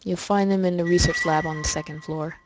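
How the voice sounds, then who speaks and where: A woman's voice: on the low side, fairly even intonation, brisk, background noise, lightly acted. A woman reading a polite museum receptionist.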